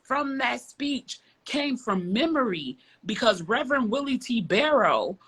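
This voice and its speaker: A woman's voice: on the high side, lively intonation, unhurried, fairly bright tone, husky. A woman from the south side of Chicago, a guest telling a story in a casual interview, emphatic and frank, repeating phrases for effect.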